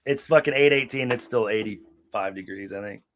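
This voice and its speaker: A man's voice: fairly low pitch, moderate pace, a bit bright. A young man co-hosting a casual live watch-along chat, rambling and swearing freely while telling stories from a hot room without air conditioning. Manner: profane, rambling storyteller. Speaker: podcast co-host.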